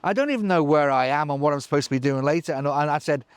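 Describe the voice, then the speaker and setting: Middle-aged man, higher-pitched storyteller, dry close mic, animated and halting. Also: smooth, no room sound. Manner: animated storyteller acting out voices, many restarts. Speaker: live sound engineer guest. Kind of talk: anecdotal interview chat.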